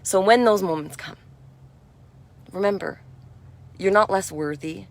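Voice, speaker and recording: A woman giving a spiritual energy talk in a gentle, reassuring and affirming way, chatty with frequent "you know". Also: medium pitch, a little slow. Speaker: spiritual speaker.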